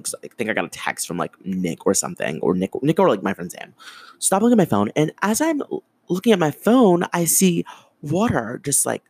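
A young man in his twenties hosts a casual solo podcast, telling a story in an animated, swearing rant. His voice sits low with a gravelly edge, yet it leaps high and drops back constantly. The recording is dry and close to the mic. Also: no echo. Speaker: podcast host.

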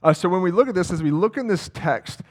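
A man's voice: sits high, lively intonation, fast talker. A man preaching a sermon as campus pastor, talking casually and asking the congregation questions. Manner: conversational, asks the congregation questions. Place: church sanctuary.

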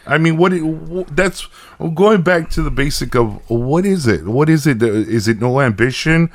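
Man telling a story with animated quoted voices. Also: on the high side, moderate pace. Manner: animated storytelling, acting out both sides of a conversation; swears freely when worked up. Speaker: podcast co-host. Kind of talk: casual chat.

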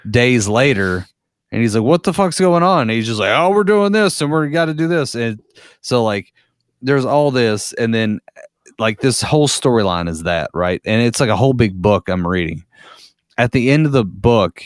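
A man's voice: lowish voice, no room sound, clean studio sound. A man in a casual podcast chat, a profane, rambling storyteller.

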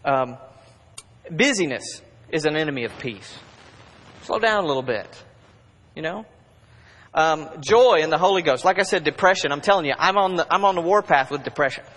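Preaching a sermon in a big, echoing hall, a pastor alternates urgent outbursts with quiet asides in a conversational manner. His voice is on the high side and expressive, at a moderate pace with long pauses. The hall's reverb trails on long after each line.

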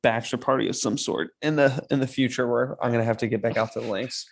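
A man in his twenties co-hosting a podcast, telling a story in casual chat, lively and often laughing. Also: mid-range voice, fast talker, vocal fry, slightly rough. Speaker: podcast co-host.

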